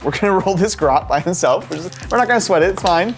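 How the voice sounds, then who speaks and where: A man's voice: sits high, expressive, quick pace, soft background music. A man playing a tabletop wargame, chatting casually and cheering at dice rolls. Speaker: player. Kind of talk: casual tabletop play chat.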